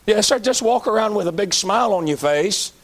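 Southern preacher, folksy and punchy, higher voice with a very animated pitch. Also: male voice, fairly quick. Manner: animated, folksy, emphatic, sometimes shouting. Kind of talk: sermon.

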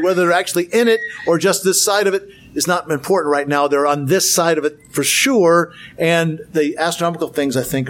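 A man giving a Bible lecture with slides, earnest, asking rhetorical questions and repeating words for emphasis. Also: high voice. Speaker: Bible teacher.

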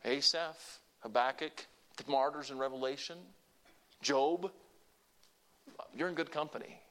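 A man preaching a sermon to a congregation, earnest and conversational, rising to emphatic peaks and dropping to soft, quiet asides. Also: medium pitch, a little slow. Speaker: pastor.

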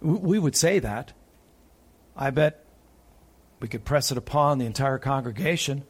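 A man preaching a sermon, moving between urgent raised passages and quiet, hushed ones. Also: medium pitch, animated, normal speed, breathy edge. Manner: preaching with sharp swings from loud urgent peaks to hushed tones.

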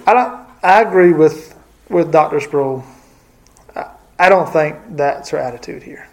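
A man's voice: fairly high pitch, measured pace. A man teaching a casual Bible study, talking hesitantly with many fillers and restarts.

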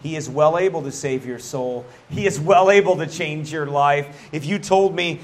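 A man's voice: fairly high pitch, normal speed, few pauses. A middle-aged man preaching a sermon as pastor, folksy and emphatic, often dropping a casual "man" into his lines.

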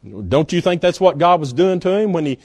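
A man preaching in a homey, storytelling way, his voice sitting a bit high for a man. He moves from emphatic peaks down to quiet, slowed asides. The sound is close and dry, with no room echo. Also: expressive. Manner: folksy, conversational preaching with chuckles; swings between emphatic rises and quiet, drawn-out asides. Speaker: guest pastor. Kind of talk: sermon.

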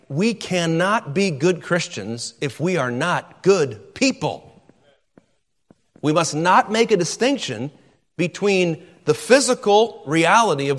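Emphatic male preacher in a reverberant hall. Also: a little high. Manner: emphatic, repeats words when stressing points. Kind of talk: sermon.

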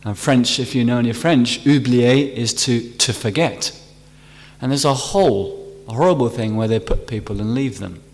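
A man's voice: medium pitch, moderate pace. A man preaching a sermon earnestly, stressing key phrases as he explains a psalm. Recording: long hall reverb.

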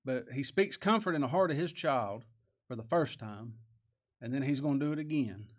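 A man's voice: mid-range voice, animated, normal speed. Pastor, male, folksy sermon delivery, mid-range voice, emphatic rising bursts.

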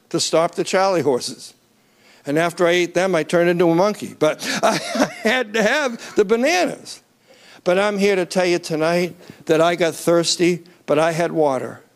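Animated high-voiced male preacher. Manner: animated, rising to near-shouts; asks the crowd to raise hands. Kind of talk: sermon.

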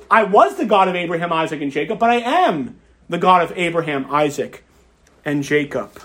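A man preaching an expository sermon, reading scripture aloud and stressing key phrases by repeating them. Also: sits high.

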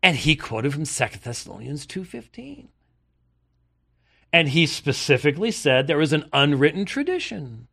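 Here an older man gives a sermon built on long passages quoted from historical sources, interrupting himself with sarcastic asides and pointed rhetorical questions. His voice is a little high, gravelly and bright, very animated and forceful, at a moderate pace.

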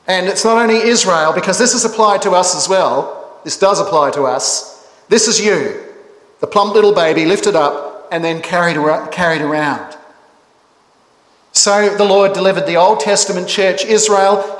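Male pastor, measured sermon delivery, roomy echo. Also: sits high. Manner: measured expository preaching, drawn-out emphasis. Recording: echoey hall reverb.

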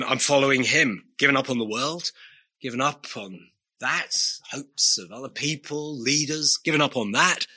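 Male preacher, bright ringing tone, earnest, asks pleading questions throughout a sermon. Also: mid-range voice, husky.

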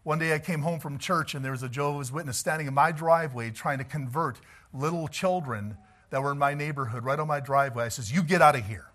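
A male pastor preaching a sermon, telling stories in an animated way and chuckling as he goes. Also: fairly high pitch, quick pace.

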